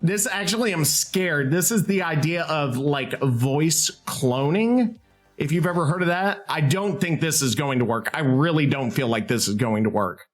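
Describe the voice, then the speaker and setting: A man hosting his own show in a casual, rambling way, excitable and swearing freely. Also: on the high side, normal speed. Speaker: host. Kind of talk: casual talk while using AI tools.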